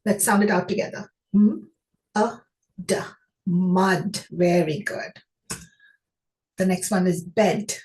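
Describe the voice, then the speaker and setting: A woman's voice: fairly low pitch, fairly even intonation, slow, darkish tone, low-quality recording. A woman teaching a phonics lesson, who asks her class questions and praises each answer.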